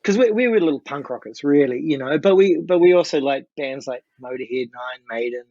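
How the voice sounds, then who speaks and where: A man in his fifties with a New Zealand accent, telling a story as a podcast guest in an animated way and acting out what people said. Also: medium pitch, fairly quick, no room sound, lo-fi sound. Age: 50s. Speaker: guest musician. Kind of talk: casual storytelling.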